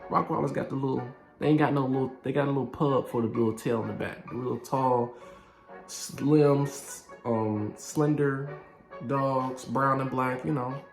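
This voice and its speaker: A man telling a story from his youth in a casual vlog, animated and slangy, acting out the scenes. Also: medium pitch, normal speed, creaky. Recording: echoey room with faint music.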